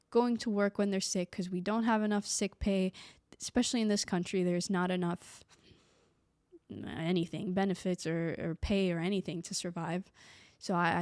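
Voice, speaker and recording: A young woman from Sweden talking casually to the camera, reflective and animated, acting out the people she quotes. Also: on the low side, no room sound, clean studio sound. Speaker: vlogger.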